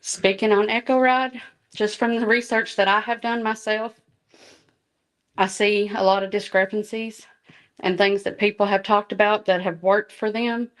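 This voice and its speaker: A woman's voice: medium pitch, fairly even intonation, moderate pace. Earnest woman speaking at a meeting. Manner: earnest, emotional, reading from notes. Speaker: school bus driver and safety trainer. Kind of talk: public comment at a board meeting.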